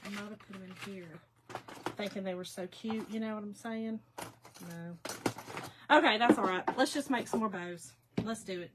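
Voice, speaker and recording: A woman's voice: mid-range voice, moderate pace, heavy background noise. A woman chatting casually with her viewers while she crafts on a livestream, laughing often.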